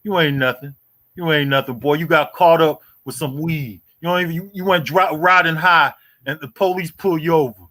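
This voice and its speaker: Taunting profane man with a bright voice. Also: a little high, fairly even intonation, moderate pace. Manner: taunting, profane, repeats "boy" and "you hear me". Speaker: boxing YouTube host. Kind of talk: heated livestream rant.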